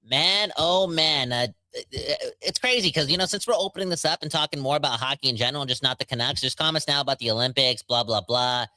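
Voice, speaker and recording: A man's voice: mid-range voice, quick pace, pushed and bright, a little hiss or hum. A man hosting a hockey podcast, joking and rambling with lots of fillers. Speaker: podcast host. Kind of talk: casual podcast chat.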